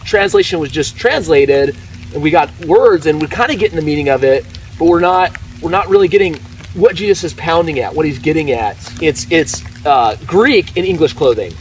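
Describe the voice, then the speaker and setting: A man with a fairly high voice adds short agreements and asks questions in an easy, casual chat. He sits some way off the mic, with faint noise in the background. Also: lively intonation, normal speed, far from the mic, poor audio. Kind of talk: casual conversation.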